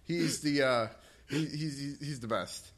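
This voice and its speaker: Male podcast co-host, crisp bright tone, casual rambling delivery. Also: mid-range voice, measured pace. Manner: rambling, many fillers and restarts. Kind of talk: casual gaming podcast chat.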